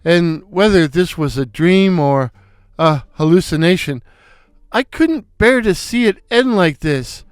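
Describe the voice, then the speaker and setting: An older man narrating a comic story in a wry, unhurried way. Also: high-pitched, animated, clear, resonant tone, no room sound, studio quality. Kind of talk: scripted narration.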